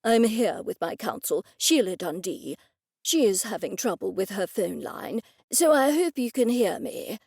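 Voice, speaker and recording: Lady reading as a stuffy old english gentleman, formal, stubborn, dry close audiobook sound. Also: high voice, animated, a little slow, vocal fry, dry recording, exaggerated voice. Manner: stiffly formal, old-fashioned phrasing.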